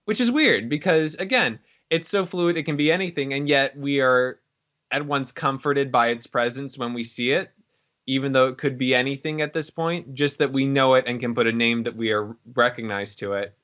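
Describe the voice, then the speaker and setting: A man's voice: mid-range voice, moderate pace, a bit bright. Wry man on a dull lo-fi podcast mic. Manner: wry, playful, thoughtful. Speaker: podcast co-host. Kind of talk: casual chat. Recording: dull lo-fi sound.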